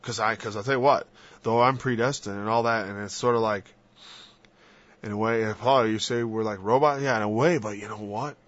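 A man talking earnestly about faith in a rambling, halting casual discussion, sometimes dropping to a soft whisper. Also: lowish voice, steady tone. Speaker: Christian speaker. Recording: dull lo-fi dry recording.

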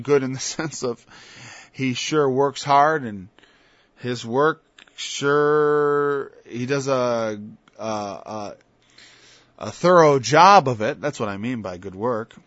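Recorded dull, lo-fi, and dry without echo, this informal Bible-study sermon comes from a man with a slightly bright mid-range voice. His talk is conversational and full of stops and restarts before climbing to emphatic peaks.

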